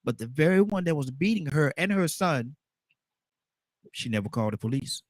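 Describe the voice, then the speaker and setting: A man's voice: on the high side, lively intonation, normal speed, no echo. A man hosting a call-in talk show, affirming his callers with plenty of agreement. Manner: affirming, lots of "mm-hmm" and "amen". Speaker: radio show host.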